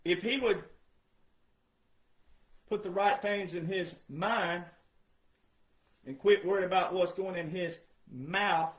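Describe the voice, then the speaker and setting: A man with an unusually high, sharp voice delivers a heated monologue. He scolds his listeners, fires off rhetorical questions and often breaks into shouting. The sound bounces around an echoey room. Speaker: online commentator. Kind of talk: ranting monologue.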